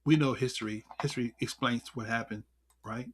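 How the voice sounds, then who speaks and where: A man's voice: medium pitch, brisk, slight background noise. A man in the role of elder teaching a livestreamed class on scripture and history, speaking, full of rhetorical questions and chuckles. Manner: animated, rhetorical questions, chuckles, fumbles with notes. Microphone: computer mic on a livestream.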